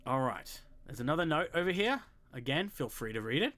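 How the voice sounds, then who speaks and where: A man's voice: on the high side, big pitch swings, a little fast, a bit bright. A man hosting a game walkthrough, chatting casually as he plays, thinking aloud with jokey asides. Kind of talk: casual gameplay commentary.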